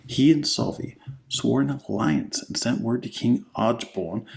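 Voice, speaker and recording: A man hosting an ASMR channel, reading an old saga in a soft, half-whispered voice and drifting into rambling asides full of likes. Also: mid-range voice, a little slow, vocal fry, poor audio. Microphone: microphone with headphones.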